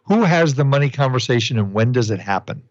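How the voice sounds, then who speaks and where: A man hosts an interview in a conversational, affirming manner. His voice is mid-pitched. The recording is dry and a bit dull. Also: lively intonation, a little fast, darkish tone, dry recording. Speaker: host. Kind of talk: podcast interview.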